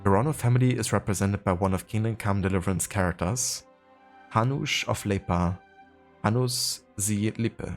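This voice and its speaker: Game streamer, male, deep voice, rambling chatty delivery, faint music underneath. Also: moderate pace. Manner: rambling, many fillers, reads codex entries aloud. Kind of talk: casual livestream chat and reading aloud.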